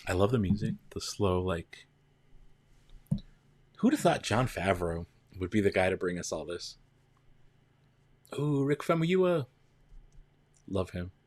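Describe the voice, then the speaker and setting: A man's voice: low voice, normal speed, pauses often, no echo. A man hosting a casual livestream, chatting with viewers, greeting them by name and counting down. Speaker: livestream host.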